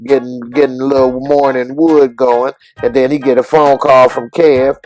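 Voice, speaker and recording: A man's voice: mid-range voice, level tone, normal speed, darkish tone, faint music behind, rough recording. A man hosting a casual episode recap, retelling scenes in loose, slangy talk. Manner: loose, slangy retelling that acts out characters' lines. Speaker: TV show recap reviewer.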